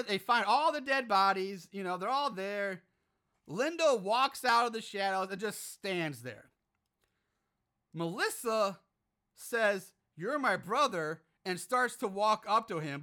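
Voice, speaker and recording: A man's voice: high voice, expressive, measured pace, bright, forceful tone. A man recapping a movie in casual chat, ranting with frequent swearing and exasperation. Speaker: podcast host.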